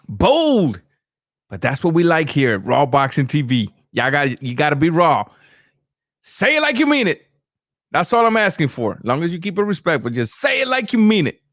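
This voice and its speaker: A man's voice: a little high, no echo, studio quality. A man hosting a casual live stream, reacting to boxing and chatting with viewers as he reads their comments.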